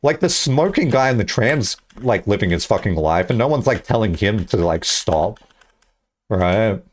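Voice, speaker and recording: A young man streaming and chatting casually, rambling and self-mocking, with high squeaky bursts when he acts out his own lines. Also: lively intonation, normal speed.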